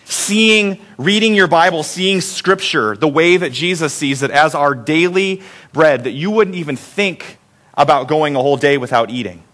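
A man's voice: on the high side, animated, normal speed, fairly bright tone. A middle-aged man, a pastor, preaching a conversational sermon in a church, joking at his own expense and putting questions to the congregation. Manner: conversational, self-deprecating, asks the congregation questions. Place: church sanctuary.

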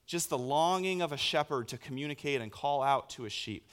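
A man in his thirties preaching a sermon as a pastor, telling stories with sudden loud bursts. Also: on the high side, lively intonation, fairly quick, few pauses, clean tone.

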